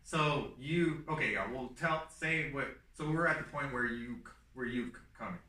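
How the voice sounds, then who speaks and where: A man co-hosting a casual talk show, telling a story in an animated way and acting out what people said with big jumps in loudness. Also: medium pitch, moderate pace, echoey room, recorded from a distance. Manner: animated, acts out quotes with big swings in loudness. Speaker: co-host.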